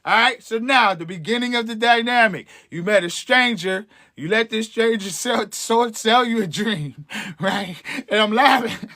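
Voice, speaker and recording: A man's voice: high-pitched, unhurried, sharp tone. A man, hosting a livestream as an empowerment coach, talking to viewers in a preachy, encouraging way with slang and frequent chuckles. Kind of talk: livestream motivational talk to viewers.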